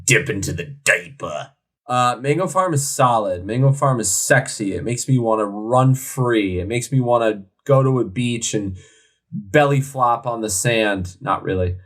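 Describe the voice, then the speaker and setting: Slow jokey guy on a beer podcast, mid voice, silly asides. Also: mid-range voice. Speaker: podcast co-host. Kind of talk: casual beer review chat.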